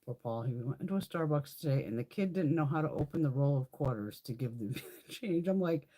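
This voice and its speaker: This is a woman in middle age hosting a casual live stream. Her voice has a husky, breathy edge and leaps around in pitch as she tells stories. She swears freely and laughs often. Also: brisk. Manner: profane, animated storytelling with frequent laughs. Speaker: livestream host.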